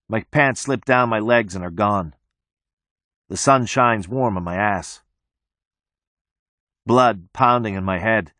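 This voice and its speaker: A man with a low voice narrates a novel in the first person. His reading is tense and measured. The sound is dry and close to the mic. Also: a bit bright, no room sound. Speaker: audiobook narrator.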